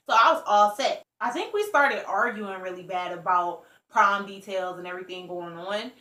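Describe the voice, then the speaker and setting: Young woman vlogger, chatty storyteller, bright edge, echoey room sound. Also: mid-range voice, expressive, fairly quick, few pauses. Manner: chatty, lots of "like" and "you know". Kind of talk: casual storytime. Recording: roomy echo.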